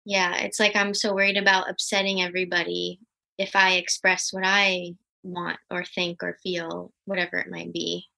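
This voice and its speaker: A young woman calling in to an advice show, speaking softly and hesitantly with nervous laughs. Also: lowish voice, level tone, normal speed, gravelly, poor audio. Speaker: caller. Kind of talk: phone-in conversation.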